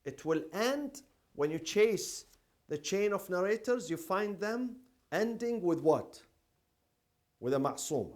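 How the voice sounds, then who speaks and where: A man's voice: high voice, animated, takes it slowly. A man teaching a classroom lecture, asking the class questions and repeating key terms.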